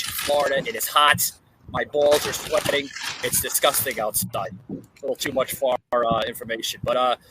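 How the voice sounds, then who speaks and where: A man's voice: fairly high pitch, pushed and bright, slight background noise, rough recording. A man hosting a podcast, talking casually outdoors on a porch and hedging his words with lots of fillers. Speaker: podcast host.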